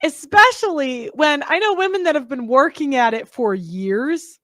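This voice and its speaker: A woman's voice: high-pitched, expressive, moderate pace, fairly bright tone, no room sound, clean studio sound. A woman hosting a reaction show, talking in a candid, blunt way that rambles and interrupts itself. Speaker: host. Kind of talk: reaction commentary.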